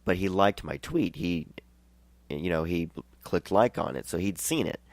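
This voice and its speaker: A male show host telling a rambling, excited story in a casual way, laughing and restarting as he goes. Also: low-pitched, measured pace, no echo.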